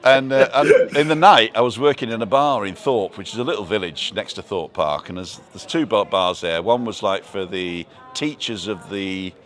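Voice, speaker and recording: A man's voice: fairly low pitch, normal speed, hardly any pauses. A middle-aged man, hosting a live show in a rambling, jokey, self-interrupting chat. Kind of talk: casual chat.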